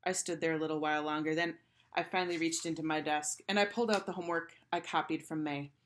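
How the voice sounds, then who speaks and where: Woman teacher, lower voice, expressive storybook read-aloud for kids. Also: fast talker, slight background noise. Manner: expressive first-person storytelling.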